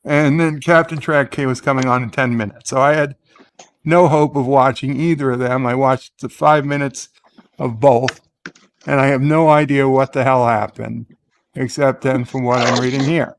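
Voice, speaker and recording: A man's voice: mid-range voice, steady tone, moderate pace, slight background noise. A man hosting a casual live-stream chat, rambling through a point and reading viewer comments aloud. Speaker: host.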